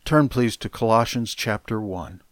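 A male pastor preaching a sermon with deliberate, emphatic phrasing and pointed pauses. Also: fairly low pitch, no echo, clean studio sound.

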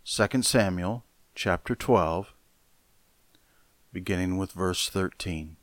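A male pastor delivers his sermon slowly and deliberately, leaning hard on key words. His voice sits low, and the sound is dry and close with no room around it. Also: no echo. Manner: deliberate, emphatic preaching.

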